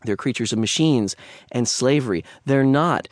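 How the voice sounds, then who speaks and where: A man's voice: medium pitch, lively intonation, moderate pace, dry recording, clean studio sound. A man lecturing on literature in a conversational way, with digressions and wry asides.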